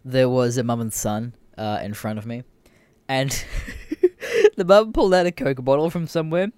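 The voice is mid-range and clean, recorded dry at a moderate pace: a young Australian man hosting a podcast. His casual rant is animated, heavy on swearing and punctuated by laughter.

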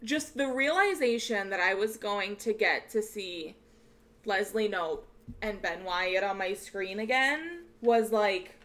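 A young woman co-hosting a casual podcast, gushing and excitable, swearing freely. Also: medium pitch, slow pace. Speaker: podcast co-host. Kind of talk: casual chat.

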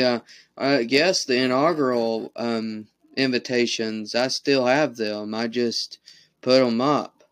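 A man hosting a casual chat, relaxed and meandering. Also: mid-range voice, no room sound.

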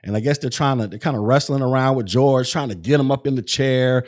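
A man hosts his podcast, walking through events in a loose, conversational way. His voice sits at an ordinary middle pitch, and he leans on fillers and acts out bits of what people said. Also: brisk, darkish tone. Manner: conversational, recounts events with many fillers and acted-out quotes. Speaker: podcast host. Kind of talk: casual commentary.

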